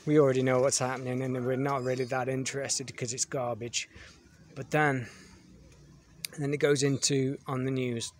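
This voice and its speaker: A man's voice: mid-range voice, flat delivery, moderate pace, slight background noise. A man giving a blunt, dismissive review monologue, with frequent "you know what I mean" asides.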